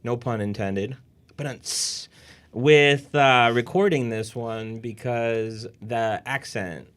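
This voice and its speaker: A man's voice: medium pitch, slow, a bit bright, smooth. A man hosting a podcast, blunt and coaching, rambling with lots of filler words. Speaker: podcast host and real estate coach. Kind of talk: casual podcast chat.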